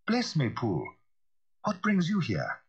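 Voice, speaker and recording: A man voicing a startled middle-aged lawyer who talks in a brisk, questioning way. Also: fairly high pitch, wildly swooping pitch, slightly rough, highs cut off, pitched above the performer's own voice, full character voice. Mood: surprised.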